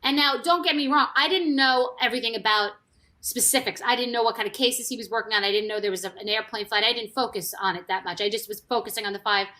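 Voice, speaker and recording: A woman's voice: on the high side, quick pace, bright, forceful tone. A woman who was once on a reality TV show, telling gossip in a rambling, candid way with many restarts and asides. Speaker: former reality TV cast member. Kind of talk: casual gossip storytelling.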